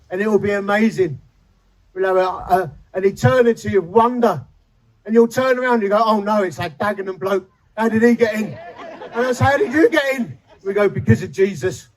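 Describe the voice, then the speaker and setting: A man's voice: high voice, low-quality recording. A man, preaching a sermon and telling his conversion story with feeling and humor. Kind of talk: sermon testimony. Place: chapel.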